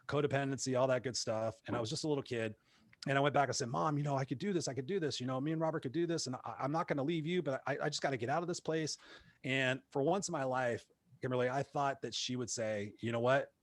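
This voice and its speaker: A man, a motivational speaker, telling his life story in a casual interview, animated and acting out the voices of people he quotes. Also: medium pitch, fast, dry recording, clean studio sound. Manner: animated, acts out quoted voices, many fillers.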